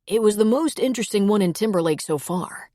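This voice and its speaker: A woman's voice: medium pitch, lively intonation, a little fast, warm tone, no room sound, clean studio sound, close to an everyday voice. A woman voicing an easygoing male army veteran with a teasing, wry manner, in an audiobook.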